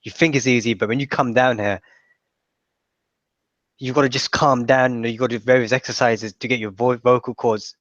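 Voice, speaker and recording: A man's voice: medium pitch, fairly even intonation, brisk, fairly bright tone, dry recording. A man, hosting a casual chat in a rambling way with frequent restarts. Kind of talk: casual conversation. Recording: dull lo-fi dry audio.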